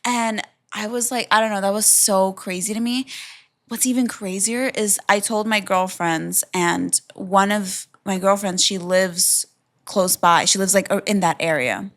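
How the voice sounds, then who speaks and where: A woman's voice: mid-range voice, a little slow. A young woman tells a story on a casual podcast, her voice sitting in an ordinary middle register. She rambles in a loose, chatty way, tossing in "like" and "literally" all the time. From from a Russian family. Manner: animated storytelling, many fillers like "like" and "literally". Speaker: podcast co-host. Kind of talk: casual chat.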